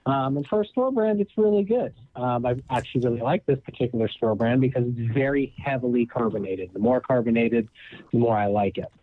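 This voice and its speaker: A man's voice: mid-range voice, lively intonation, brisk, hardly any pauses, dry recording. A man calling in to give a beer review, hesitant and full of fillers. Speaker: caller. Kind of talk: casual phone-in beer review. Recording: tinny phone line.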